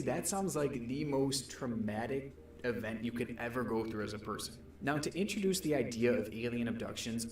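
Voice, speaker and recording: A man's voice: medium pitch, darkish tone. A man hosting a stream, reading spooky accounts aloud in a dramatic way and breaking off to react to them. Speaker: stream host.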